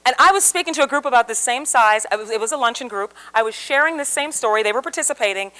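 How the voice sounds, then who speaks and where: A communication speaker gives a live seminar, her voice on the high side and her delivery fast. She's an animated storyteller who acts out the voices in her story.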